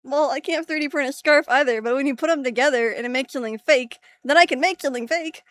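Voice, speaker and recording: High-voiced woman in playful chat. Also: fast, a bit bright. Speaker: podcast co-host. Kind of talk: casual chat.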